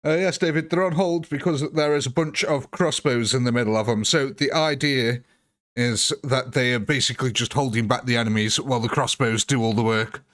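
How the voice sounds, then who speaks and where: A man hosts a live game stream in a relaxed, chatty way. He jokes and answers viewers one by one by name. His voice sits at an ordinary middle pitch. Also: a little fast. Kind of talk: live gameplay commentary answering chat.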